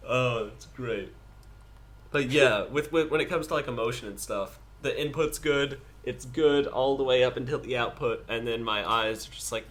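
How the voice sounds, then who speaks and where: A man co-hosting a casual art podcast, talking in a hesitant, halting way with restarts and dry understatement. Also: medium pitch, a bit bright. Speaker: podcast co-host. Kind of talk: casual chat.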